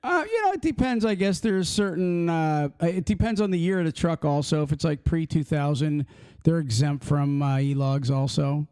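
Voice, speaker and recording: A man's voice: on the high side, normal speed, darkish tone, clean tone. A man hosting a trucking podcast from a home studio, loose and joking, rambling with restarts. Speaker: podcast host. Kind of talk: casual podcast chat.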